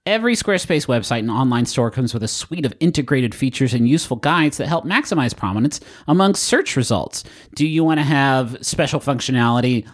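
A man co-hosting a podcast, reading sponsor ads in a playful, jokey way with theatrical asides. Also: mid-range voice. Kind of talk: comedic ad read.

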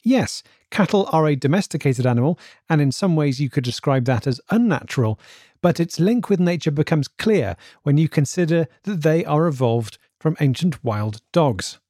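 Brief: a man playing a hesitant interviewer, slightly high voice, dry close mic. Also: lively intonation, moderate pace, dark tone, dry recording. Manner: hesitant, polite, probing. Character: earnest male radio-style interviewer. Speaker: interviewer, presenter. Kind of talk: scripted comedy podcast.

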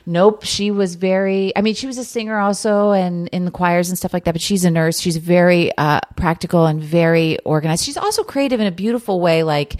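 A woman from New Jersey, an actress and podcast guest, telling stories in a lively, laughing way. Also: on the low side, no echo, clean studio sound. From New Jersey, USA. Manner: animated, laughing storyteller. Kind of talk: casual interview chat.

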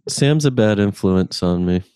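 Man, podcast co-host, casual chat, dry low-key delivery, smooth voice, dry close sound. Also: lively intonation, a little slow, dark tone, no echo. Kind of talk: casual comedic chat, reading listener messages. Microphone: remote call microphone.

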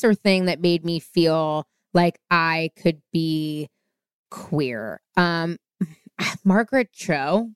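A woman guest on a podcast telling a long story in a casual, animated way, acting out the voices of people she quotes. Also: fairly low pitch, clean tone, no room sound, clean studio sound.

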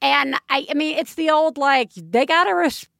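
Effusive high-voiced woman podcast host. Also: moderate pace, vocal fry, dry recording, studio quality. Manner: effusive, animated, laughing often. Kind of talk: casual chat.

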